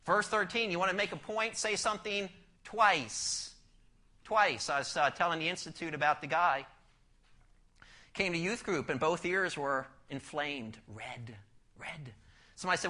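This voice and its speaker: A man delivers a sermon in a bright, cutting voice. He explains the text verse by verse and keeps asking his listeners questions. His volume swings from forceful emphasis down to a hushed near-whisper. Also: on the high side, a little slow. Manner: asks the listeners rhetorical questions. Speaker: preacher. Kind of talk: expository sermon.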